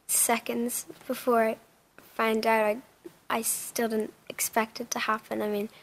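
Shy young actress, flat voice. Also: female voice, fairly high pitch, measured pace. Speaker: actress, guest.

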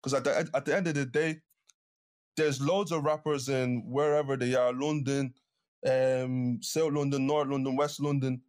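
A man's voice: mid-range voice, moderate pace. Slangy rapper man. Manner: slangy, animated. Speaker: rapper guest. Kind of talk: podcast discussion.

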